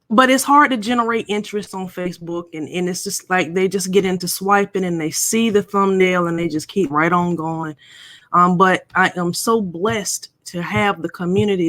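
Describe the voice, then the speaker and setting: A woman's voice: lowish voice, a bit bright, dry recording. A middle-aged woman hosting a casual live stream, chatting and playfully teasing viewers.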